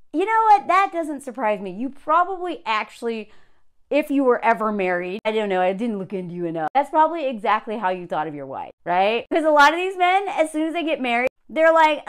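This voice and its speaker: A woman with a high voice gives sarcastic reaction commentary, breaking into laughter between asides. Her pitch swings widely as she mocks what she reads. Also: lively intonation, fairly quick, smooth. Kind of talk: reaction commentary, reading aloud.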